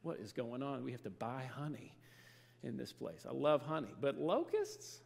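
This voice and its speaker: A man's voice: mid-range voice, moderate pace, vocal fry, darkish tone. A man, preaching a humorous sermon and chatting with his congregation as he tells stories. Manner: storytelling, playful, chatty with the audience. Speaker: guest preacher. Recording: reverberant church hall.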